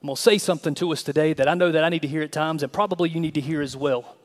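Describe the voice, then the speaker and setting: High-voiced, animated male preacher. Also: rapid-fire, in a large hall. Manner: animated, emphatic preaching with humor. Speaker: pastor. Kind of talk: sermon.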